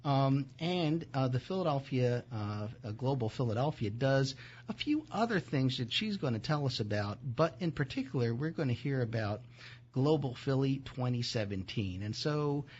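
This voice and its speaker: A man hosting a talk show, talking casually and halting often with fillers and restarts. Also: mid-range voice, animated, darkish tone, slightly rough, lo-fi sound.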